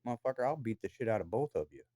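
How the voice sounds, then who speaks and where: This vlogger fires off an accusatory, foul-mouthed, furious rant to the camera from his downstairs room in a house. His voice is on the low side and warm, sing-song and rapid-fire, with no room sound at all.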